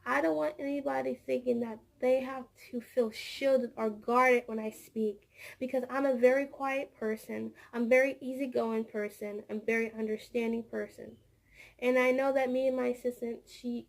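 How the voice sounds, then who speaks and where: A woman with a fairly high, gravelly voice speaks at a moderate pace with fairly even intonation. She's a vlogger and childcare teacher rambling through a casual story about her workday, repeating words and acting out what people said.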